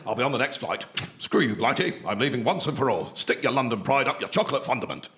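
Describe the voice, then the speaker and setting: A man's voice: mid-range voice, big pitch swings, fast talker, echoey room, heavy background noise. An actor playing a blustering, indignant middle-aged male politician in a radio comedy sketch. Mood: gleeful. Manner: ranting, indignant.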